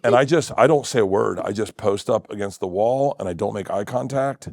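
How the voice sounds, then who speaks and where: A middle-aged man telling a long funny story as a guest on a talk show, acting out the other people's voices and laughing loudly. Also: fairly low pitch, brisk, vocal fry, dry recording, studio quality. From Florida. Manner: acts out quoted voices, loud bursts of laughter. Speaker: comedian guest.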